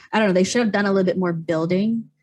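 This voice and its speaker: A young woman hosts a podcast chat with a husky edge to her voice. She talks animatedly and swears freely, jumping into quoted lines. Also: medium pitch, a little fast, darkish tone. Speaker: podcast host. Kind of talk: casual chat.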